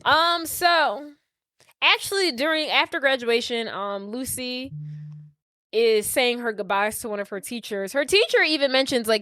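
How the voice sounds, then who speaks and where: A woman's voice: on the high side, a little slow, fairly bright tone, no room sound, clean studio sound. A young woman co-hosting a podcast, casually retelling a movie plot and acting out the characters' lines. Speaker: podcast co-host.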